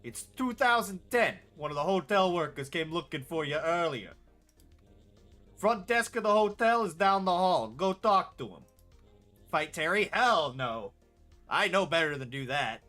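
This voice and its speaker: A man voicing a gruff, suspicious male hotel guest with a New York accent, brash and mocking, with loud outbursts. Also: a little high, lively intonation, unhurried, faint music behind.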